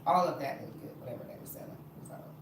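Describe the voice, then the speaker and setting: A woman's voice: very deep voice, fast talker. Woman, chatty live-stream baker, very echoey kitchen, distant phone mic, noisy room. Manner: chatty, expressive, talks to viewers while baking. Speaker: vlogger baking at home. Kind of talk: casual live-stream chat. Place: home kitchen.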